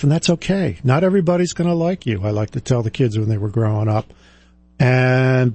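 A man in his sixties with a warm, mellow tone and a dry, close sound. He speaks as a financial advisor, reflective and halting, often pausing on fillers and starting over. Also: medium pitch, vocal fry, slightly rough, dry recording. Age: 60s. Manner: halting, with frequent fillers and restarts. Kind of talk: reflective personal talk.

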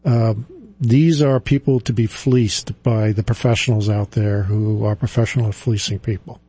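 A man's voice: fairly low pitch, fairly even intonation, moderate pace, mellow, slightly rough. A middle-aged man, a financial advisor, telling stories in a chatty monologue that is full of chuckles and restarts. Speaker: financial advisor and firm president. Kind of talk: casual storytelling monologue.

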